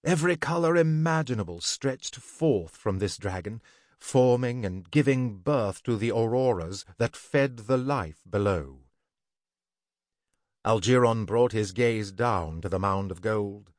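Male narrator, low voice, dry close-miked sound, deliberate fantasy storytelling. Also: animated, no echo.

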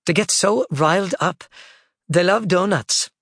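Guy reading a soft apologetic grandma, kinda quick, dry close sound. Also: high-pitched, breathy edge, no echo, pitched above the performer's own voice, full character voice. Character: older woman, gentle apologetic grandmother.

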